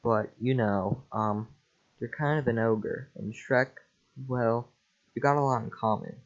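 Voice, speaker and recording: A man voicing an excitable male talking donkey in a casual script reading, chatty and quick to panic. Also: medium pitch, close to an everyday voice. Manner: jittery, chatty, yelps in panic. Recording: lo-fi home mic.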